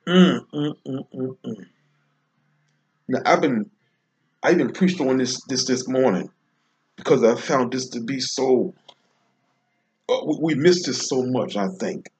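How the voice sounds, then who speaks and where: A man delivering an informal devotional sermon, slow and emphatic, repeating phrases with long pauses. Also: medium pitch, expressive, a little mellow. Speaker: preacher.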